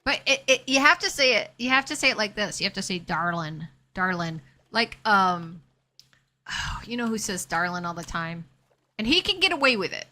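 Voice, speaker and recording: A woman's voice: fairly high pitch, expressive, brisk, pushed and bright. A woman streaming a game live, chatting casually with her viewers and talking herself through what she is doing. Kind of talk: casual live-stream chat while playing.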